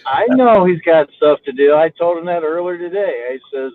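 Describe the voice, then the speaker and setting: A man's voice: fairly high pitch, normal speed, few pauses, no room sound. A man chatting casually while he drives, grumbling and folksy, on a phone in his car. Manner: grumbling, folksy, laughs at his own stories. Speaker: lawn care worker on a live panel. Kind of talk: casual chat while driving. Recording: tinny phone line.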